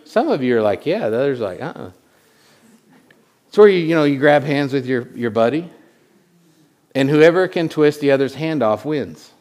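A man preaching a sermon in a conversational way, often repeating words and swinging from loud lines to hushed ones. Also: medium pitch, lively intonation, normal speed, pauses often. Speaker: pastor.

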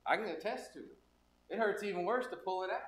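A man's voice: high voice, quick pace, a little hiss or hum. A man preaching a sermon as pastor, in a conversational storytelling manner with asides and restarts.

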